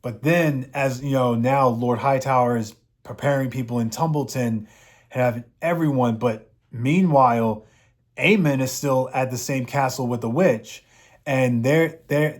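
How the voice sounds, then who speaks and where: A man's voice: medium pitch, a little slow. A man giving a casual, rambling episode recap, with frequent fillers. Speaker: show reviewer.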